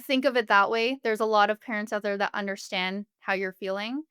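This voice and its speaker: A woman's voice: medium pitch, a little fast, fairly bright tone, clean tone, dry recording, studio quality. A woman speaking as a family therapist guest on a podcast interview, explaining earnestly with everyday examples.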